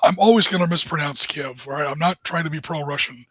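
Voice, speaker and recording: A man co-hosting a casual podcast, chatty and hesitant with many pauses. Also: on the high side, a bit bright, breathy edge, no echo. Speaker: podcast co-host. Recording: dull dry lo-fi mic.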